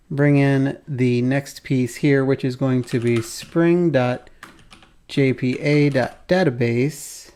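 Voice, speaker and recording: A man's voice: medium pitch, mellow, clean tone. A man hosting a code-along programming tutorial, thinking aloud as he types, with keyboard typing behind him.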